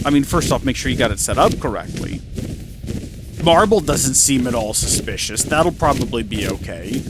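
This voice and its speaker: Chatty gamer guy narrating his let's play, voice jumps all over, loud game noise in the back. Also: mid-range voice, moderate pace. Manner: chatty, excitable, talks to himself and the game. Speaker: gaming channel host.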